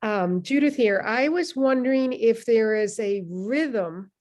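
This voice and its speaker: A woman in the audience asking a measured, careful question over a video call. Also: on the high side, darkish tone. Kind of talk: polite question.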